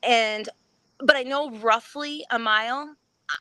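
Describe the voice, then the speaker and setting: A woman on a live podcast, telling a story with lively energy, acting out what people said and laughing often. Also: fairly high pitch, takes it slowly, clean tone, dry recording. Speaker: podcast guest. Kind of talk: excited race recap.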